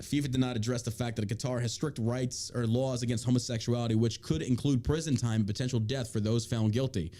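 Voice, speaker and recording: A man's voice: mid-range voice, fairly even intonation, fast, few pauses, mellow. A man hosting a podcast in a casual chat, reading news articles aloud and mocking them with crude jokes. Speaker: podcast host.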